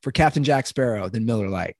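A man's voice: on the low side, lively intonation, a little fast, no room sound, clean studio sound. Opinionated rambling man on a podcast. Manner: rambling, opinionated, stumbles over words. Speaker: podcast co-host. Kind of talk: casual sports podcast banter.

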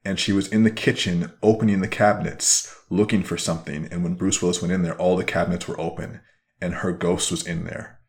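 Deep, gravelly, flat-voiced man. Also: fairly quick. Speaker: podcast host. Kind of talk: casual conversation, responding to an exercise.

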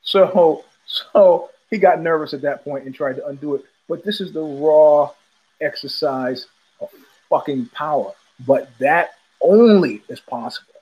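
The recording is rough, and the speaker is a New York podcast host whose husky, somewhat high voice has a slightly mellow quality. He rambles casually from tangent to tangent, frequently starting over.

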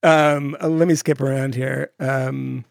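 A man's voice: medium pitch, a little slow, gravelly, no room sound, clean studio sound. A man co-hosting a podcast, talking casually and mocking a text as he reads it aloud, laughing often. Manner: mocking, laughs often, swings between flat and loud. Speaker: podcast co-host. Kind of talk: casual chat, sarcastic reading aloud.

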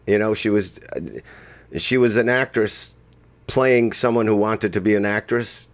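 Older man telling stories, deep voice. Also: a little slow. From Boston area. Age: 60s. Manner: animated storyteller, laughs often. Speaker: comedian guest. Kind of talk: casual chat.

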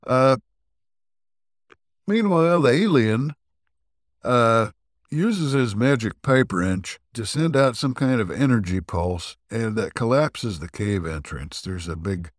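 A man co-hosting a podcast, casually retelling an old episode with many ums and throat clears. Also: mid-range voice, expressive, slow, no echo, clean studio sound. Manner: rambling, filler-heavy retelling with frequent throat clearing. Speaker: podcast co-host. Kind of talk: casual recap discussion.

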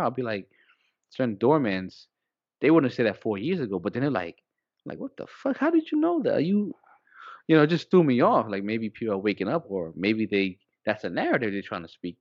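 A man co-hosting a small podcast, talking casually and rambling, getting animated when he quotes people. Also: medium pitch, no room sound, highs cut off. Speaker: podcast co-host.

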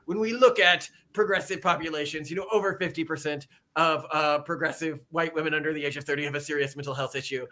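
A man's voice: on the high side, fairly even intonation, fast talker, few pauses, pushed and bright. A man co-hosting a casual talk show, mocking his targets and acting out quoted voices in exaggerated tones. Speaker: podcast co-host. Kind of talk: casual sarcastic commentary.

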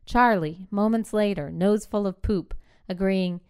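A woman reading a short story aloud in measured, clipped phrasing. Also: medium pitch, a little mellow, smooth. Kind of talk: literary fiction reading.

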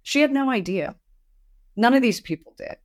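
A woman's voice: fairly high pitch, animated, normal speed. A woman hosting a podcast interview, telling personal stories in a chatty way and acting out the exchanges she recounts. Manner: chatty storyteller, acts out quoted exchanges. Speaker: podcast host. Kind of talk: casual conversational interview.

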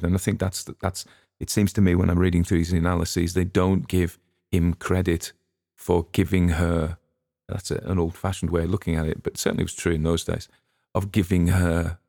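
A man's voice: lowish voice, creaky, warm tone, dry recording, clean studio sound. A man, hosting a podcast and chatting in a rambling, musing way with plenty of restarts. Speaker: podcast host. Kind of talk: casual rambling commentary.

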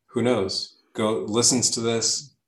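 A man's voice: medium pitch, steady tone, slow, a crowd in the background. A man hosting an interview, asking questions in a hesitant, filler-heavy way. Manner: hesitant, many fillers and restarts. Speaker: interview host. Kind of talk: casual interview conversation. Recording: echoey room.

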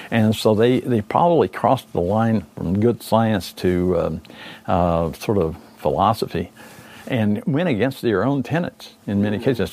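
A man's voice: on the low side, gravelly, dark tone. An older man giving an interview, recalling his years leading a recovery team, rambling and correcting himself as he goes. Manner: rambling, with many fillers and self-corrections. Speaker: interview guest, former condor recovery team leader. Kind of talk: reflective interview recollection.

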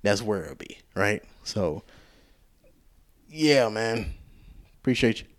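A man's voice: lowish voice, big pitch swings, takes it slowly. A man hosting a casual solo podcast, telling a rambling, profane story with frequent restarts. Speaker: podcast host.

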